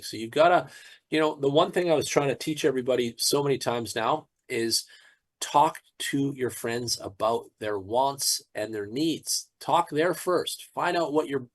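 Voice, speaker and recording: A man promoting a crypto platform in a casual, preachy pep talk, often repeating words. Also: medium pitch.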